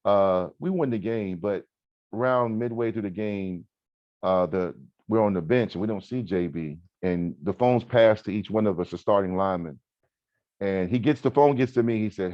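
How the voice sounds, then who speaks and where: A man in his forties co-hosting a podcast, telling stories in an animated, emphatic way. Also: lowish voice, normal speed, dry recording, dull audio. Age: 40s. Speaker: podcast co-host. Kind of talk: casual podcast chat.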